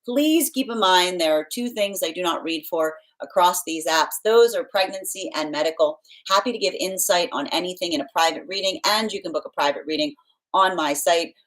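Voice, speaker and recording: A woman's voice: on the low side, brisk, a bit bright, poor audio. A woman hosting a live tarot reading stream, chatting casually, reading out viewer comments and laughing often, sometimes playfully stern and motherly. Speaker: tarot reader hosting a livestream. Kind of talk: casual livestream chat.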